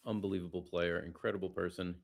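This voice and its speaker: A man calling a live board game match in a low, gravelly voice. He keeps it casual and chatty, reading out viewer shout-outs between moves. He stays hushed so the players nearby can't hear him. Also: little pitch movement, quick pace. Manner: lowers his voice to stay quiet near the players. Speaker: play-by-play commentator. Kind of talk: live backgammon commentary.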